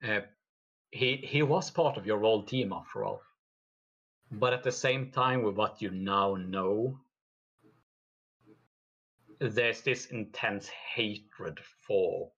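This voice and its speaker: A man runs a tabletop game with slow, hesitant narration full of fillers. His voice sits low but sounds bright and forward. The recording is dull and lo-fi. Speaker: game master.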